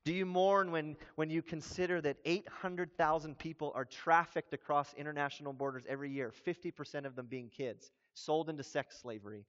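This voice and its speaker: A male pastor preaching a sermon with passion, swinging between emphatic peaks and low, quiet stretches. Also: steady tone, fairly quick, hardly any pauses. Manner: impassioned, rising to emphatic peaks then dropping low. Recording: long reverb, dull lo-fi sound.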